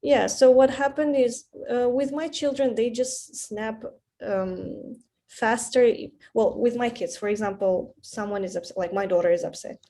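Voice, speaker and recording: Candid woman with a mellow voice. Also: on the high side, a little slow. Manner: candid, animated storytelling with laughs. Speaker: class participant, mother. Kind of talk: casual chat.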